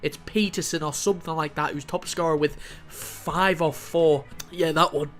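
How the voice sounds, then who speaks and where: A young man casually commentating his own football video game, excitable and sweary, calling the play as it happens. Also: fairly high pitch, moderate pace, soft background music. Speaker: gaming YouTuber.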